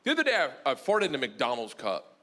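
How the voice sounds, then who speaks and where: A man telling a crude, animated stand-up story on stage before a live audience. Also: medium pitch, fast. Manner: loud, animated, crude punchlines. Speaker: stand-up comedian.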